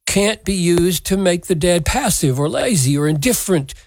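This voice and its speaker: A man preaching a sermon, expounding scripture in a measured, emphatic way. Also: high-pitched, expressive, a little mellow, no echo, poor audio. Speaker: pastor.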